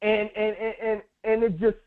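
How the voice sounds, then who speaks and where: A man co-hosting a sports talk show, loud and emphatic, repeating phrases for effect. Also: high voice, little pitch movement, moderate pace, clear, resonant tone, faint music behind. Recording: tinny phone-like audio.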